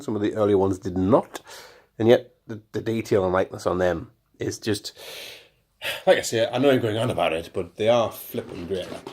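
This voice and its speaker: A man's voice: lowish voice, darkish tone. A man talking casually about his toy collection, rambling and correcting himself with jokey asides. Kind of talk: casual show-and-tell of collectibles.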